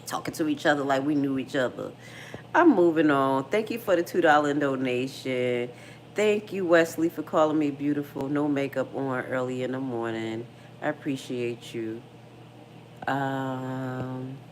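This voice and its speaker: A woman's voice: sits low, a little slow, slight background noise. A middle-aged woman hosting a casual livestream, frank and slangy, talking straight to her viewers and reading their comments. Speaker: livestream host.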